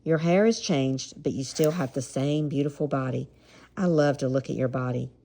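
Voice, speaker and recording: A woman with a Southern American accent reading the lines of a tender, possessive male singer in a soft, insistent, pleading way. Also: rumbling low, normal speed.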